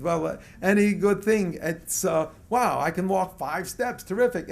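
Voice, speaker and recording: An older man from Baltimore, a rabbi lecturing to a live audience as an animated storyteller who chuckles often and gets the crowd to join in. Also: sits high. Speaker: rabbi giving a talk.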